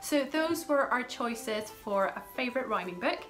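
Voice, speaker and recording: A woman in her thirties chats animatedly about children's rhyming books. Her voice sits a little high. Music plays over the recording. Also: normal speed, poor audio. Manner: chatty, animated, reads rhymes aloud with playful emphasis. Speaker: children's book blogger. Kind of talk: casual book recommendations with read-aloud.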